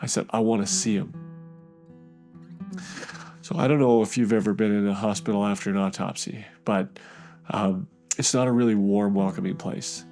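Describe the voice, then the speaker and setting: A low, gravelly male voice recounts his own story as a personal testimony, talking in a halting, conversational way with plenty of fillers and restarts. A faint guitar plays softly underneath. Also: fairly even intonation. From Canada. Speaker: guest sharing his testimony.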